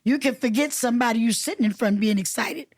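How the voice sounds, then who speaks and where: A woman's voice: on the high side, fast, dry recording, studio quality. A woman from Newark, New Jersey, a councilwoman and reverend, talking emphatically in an interview and repeating phrases the way a preacher does. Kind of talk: conversational interview.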